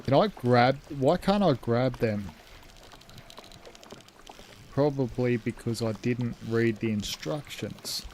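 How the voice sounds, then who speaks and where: A man's voice: mid-range voice, darkish tone, a little hiss or hum. A man streaming a ship game live, rambling as he thinks aloud and thanks his chat.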